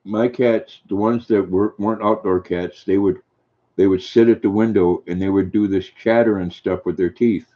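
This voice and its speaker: Older man with a low, flat voice. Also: moderate pace. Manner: gentle, folksy, reads viewer comments aloud and answers them. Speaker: livestream host reading chat. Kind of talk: casual chat. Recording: dull lo-fi stream audio.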